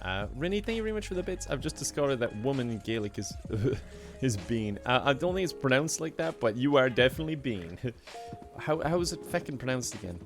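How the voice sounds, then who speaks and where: While gaming live, a young man keeps up a casual chat, laughing a lot and reading donations aloud. He talks briskly in a mid-range voice with lively intonation, and faint music plays in the background.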